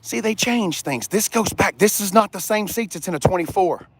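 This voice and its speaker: High, animated Southern man. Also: moderate pace, breathy edge, no echo. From Southern United States. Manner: rambling, easily sidetracked, jokey. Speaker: car vlogger. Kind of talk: casual walkaround vlog.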